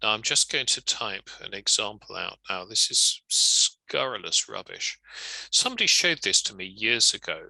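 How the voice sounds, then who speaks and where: Gravelly, crisp-voiced male legal trainer. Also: lowish voice, big pitch swings, bright, forceful tone, no room sound, poor audio. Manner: measured, wry, conversational explaining. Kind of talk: recorded lecture.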